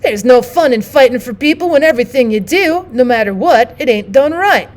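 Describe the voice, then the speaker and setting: A woman voicing a young soldier who complains loudly about an injustice, in plain folksy speech. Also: high voice, animated, brisk. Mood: aggrieved. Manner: plain rural talk, complaining. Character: aggrieved young male soldier, stout-hearted.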